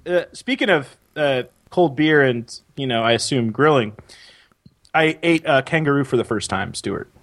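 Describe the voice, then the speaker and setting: A man's voice: medium pitch, normal speed, dry recording. A man hosting a podcast, joking around in casual chat. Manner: lively, jokey, fake French bits. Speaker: podcast host.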